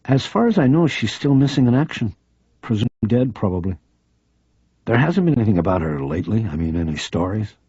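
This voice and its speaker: A man voicing a friendly, sharp woman crime reporter with a faint Jamaican accent and a breezy, teasing manner. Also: lowish voice, sing-song, brisk, husky, no echo. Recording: dry, slightly dull audiobook recording.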